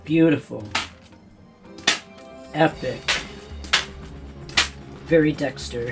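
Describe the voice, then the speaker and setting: A man's voice: a little high, measured pace, loud music behind the voice. A man hosting a casual art tutorial, joking and talking to himself as he works. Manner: playful, self-amused, talks to himself while working.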